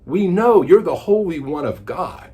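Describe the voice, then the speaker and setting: Agitated and shrill, a frantic unclean spirit cries out in a raised, swooping voice, as a man puts it on while retelling a scripture story. It sounds restless and alarmed, its words pitched high and thrown around. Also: lively intonation, measured pace, darkish tone. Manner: agitated, crying out.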